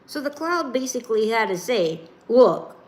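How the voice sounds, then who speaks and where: Slow-spoken woman preaching. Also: mid-range voice, expressive. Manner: slow, emphatic, informal asides between scripture. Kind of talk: sermon with scripture reading and commentary.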